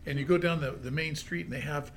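Older man telling slow travel stories. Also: on the high side, a little hiss or hum. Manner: halting, relaxed storytelling with fillers. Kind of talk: casual chat.

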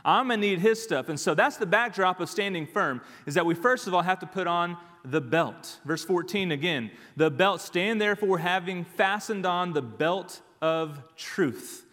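A man's voice: high voice, normal speed, few pauses, a bit bright, long reverb tail. A man preaching a sermon as pastor, emphatic and repeating his key phrases.

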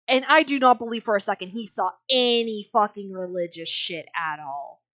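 A woman's voice: medium pitch, moderate pace, a bit bright, no echo. A woman co-hosting a podcast, chatting casually and reading quotes aloud in a blunt, sarcastic way, swearing freely. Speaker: podcast co-host.

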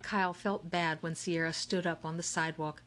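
A woman narrating a children's novel in a lively, expressive storytelling manner. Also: on the low side, normal speed, a little hiss or hum. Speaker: audiobook narrator. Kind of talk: scripted narration.

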